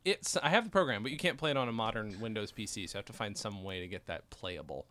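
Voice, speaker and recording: A man's voice: lowish voice, expressive, fast talker, pushed and bright. A man co-hosting a podcast, chatting casually, laughing often and swearing as he retells scenes. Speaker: podcast co-host. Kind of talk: casual chat recapping a sitcom.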